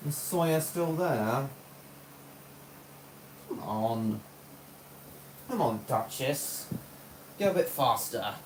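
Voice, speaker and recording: A man's voice: medium pitch, animated, takes it slowly, long pauses. Chatty man in a roomy echo. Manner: rambling, chatty, talks to himself and to viewers' comments. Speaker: livestreamer running a model railway. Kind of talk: casual live-stream chat. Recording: roomy echo with faint background hum.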